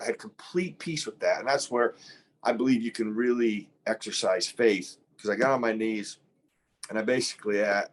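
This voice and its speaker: A man in his fifties, a former pro football player, telling an earnest, reflective story as a podcast guest, often restarting his sentences. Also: medium pitch.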